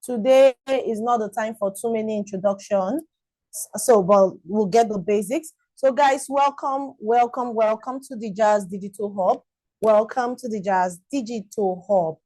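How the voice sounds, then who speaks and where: A woman's voice: medium pitch, unhurried, warm tone, dry recording, rough recording. A woman teaching a live-streamed online class, enthusiastic and repetitive, greeting viewers by name.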